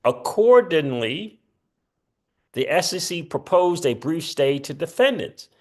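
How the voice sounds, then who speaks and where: A man hosting a casual commentary channel, reading news posts aloud and breaking in with quick offhand asides. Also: fairly high pitch, very animated, a little mellow. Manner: chatty, reads quotes aloud with asides. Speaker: crypto channel host.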